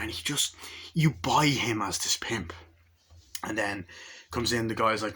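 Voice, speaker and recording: Young male reviewer, low bright voice, rambles and mimics film lines. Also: fairly even intonation, normal speed, slight background noise. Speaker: movie reviewer. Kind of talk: casual movie review.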